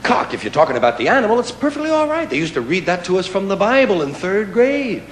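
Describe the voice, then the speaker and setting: Male stand-up comic, lively swooping delivery, roomy live hall with audience roar and noise. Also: sits high, quick pace. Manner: animated, mock-incredulous, playful emphasis. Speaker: stand-up comedian. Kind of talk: stand-up comedy routine. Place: live stage before an audience. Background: audience laughter and crowd noise.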